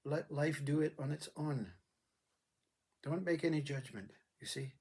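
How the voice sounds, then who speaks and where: Husky breathy guy musing about surrender, halting, repeats himself a lot. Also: on the high side, darkish tone. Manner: halting, reflective, repeats words. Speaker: spiritual speaker. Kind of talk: spiritual monologue.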